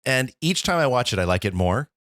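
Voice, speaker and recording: A man's voice: mid-range voice, very animated, fairly quick, a bit bright, dry recording, studio quality. A man co-hosting a movie podcast, chatting enthusiastically and laughing often. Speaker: podcast co-host. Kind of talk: casual movie chat.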